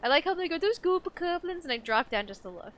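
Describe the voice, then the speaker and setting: A woman's voice: on the high side, animated, rapid-fire, a bit bright. A young woman streaming a game live, chatting playfully with her chat and laughing often. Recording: faint game music behind.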